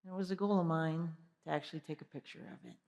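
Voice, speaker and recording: A woman giving an energetic motivational keynote, asking the audience direct questions. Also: low voice, fast, vocal fry. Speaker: keynote speaker. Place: large conference hall. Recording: long hall reverb.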